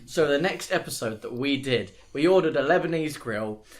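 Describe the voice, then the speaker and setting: A man's voice: medium pitch, animated, normal speed. A young man co-hosting a podcast, telling a story in casual, sweary banter full of fillers. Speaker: podcast co-host.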